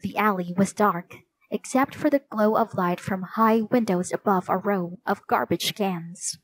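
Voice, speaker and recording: Slow, gentle woman reading a storybook. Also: mid-range voice, low-quality recording. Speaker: narrator. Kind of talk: children's storybook narration.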